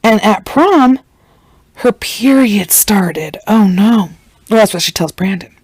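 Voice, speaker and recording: A woman's voice: medium pitch, expressive, slow pace, a little mellow, husky, dry recording, poor audio. A woman hosting a podcast, retelling a story in a chatty, slangy way and acting out the quotes. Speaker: podcast host. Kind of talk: casual true-crime storytelling.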